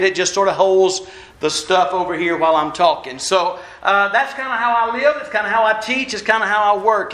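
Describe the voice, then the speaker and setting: A man's voice: sits high, fairly bright tone. A man giving a folksy, self-deprecating sermon as a minister, walking around as he talks. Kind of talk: conversational sermon. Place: church hall. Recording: echoey church hall.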